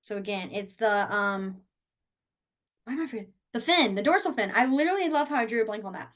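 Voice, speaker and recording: A woman's voice: a little high, expressive, fast talker, fairly bright tone. A woman teaching a beginner sign language class over a video call from a small room, explaining step by step in a chatty way and laughing often.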